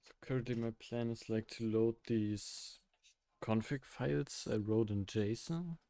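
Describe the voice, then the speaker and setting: A young man with a mellow, mid-range voice chats casually with viewers while coding on a live stream, speaking a little slowly. He thinks aloud, stops and restarts, and laughs often, and the recording is dry.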